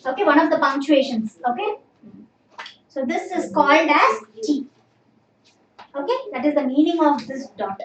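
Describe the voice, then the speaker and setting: High-voiced woman teaching, echoey room. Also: expressive, moderate pace, pauses often, fairly bright tone, muffled recording. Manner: patient, repeats "okay" constantly, drills students. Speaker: Japanese language teacher. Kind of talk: live online class. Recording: echoey room, distant mic, faint noise.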